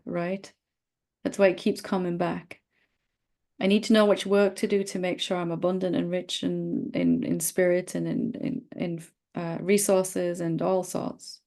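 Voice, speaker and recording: A middle-aged woman leading a satsang dialogue as a spiritual teacher, speaking gently and playfully, sometimes teasing. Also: fairly low pitch, flat delivery, measured pace.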